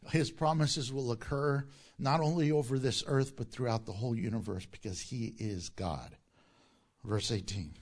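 A man preaching a sermon as pastor, emphatic, asking rhetorical questions and acting out mocking quotes. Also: mid-range voice.

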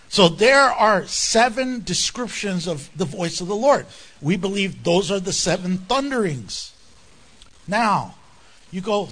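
A man preaching a sermon in an animated, conversational way, with jokes and asides to the congregation. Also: high voice, slow pace, slightly rough. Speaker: pastor.

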